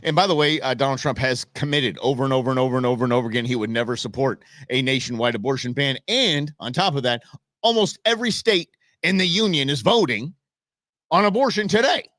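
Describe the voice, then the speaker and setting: A man hosting a live stream, talking in a loose, rambling way full of restarts and jokey asides. His pitch swings up and down a lot as he gets worked up. The sound is close and dry, with no room echo. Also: lively intonation, fast, fairly bright tone. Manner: jokey, opinionated banter. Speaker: host of a live election-night stream. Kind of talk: casual live-stream commentary.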